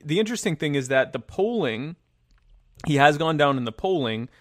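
A man in casual political chat, rambling and sarcastic, with many halting restarts. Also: on the high side, very animated, a bit bright, dry recording, clean studio sound.

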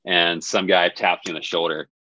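A man's voice: deep voice, flat delivery, moderate pace, bright, forceful tone, no echo, dull audio. A man telling a funny story as a podcast guest in a laid-back, self-deprecating way. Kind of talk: casual storytelling.

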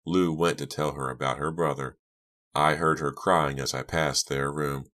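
A man's voice: rumbling low, steady tone, normal speed, a bit bright. A man voicing a thoughtful teenage boy who reasons things out and soothes others, in an audiobook.

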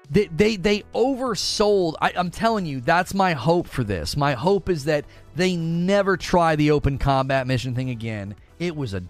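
A man giving heated, opinionated commentary in a casual way, repeating himself for emphasis. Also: on the high side. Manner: emphatic, heated, repeats words, mocking quoted voices. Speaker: gaming commentator.

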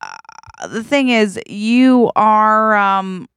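A woman co-hosting a comedy podcast, spinning an improvised story in an animated, drawn-out way. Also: medium pitch, smooth, no echo, clean studio sound. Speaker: podcast co-host.

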